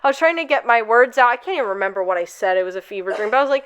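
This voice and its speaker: A woman's voice: mid-range voice, animated, rapid-fire, hardly any pauses, a bit bright, smooth. A young woman co-hosting a podcast, telling a long story in a rambling, casual way full of fillers. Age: young adult. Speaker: podcast co-host.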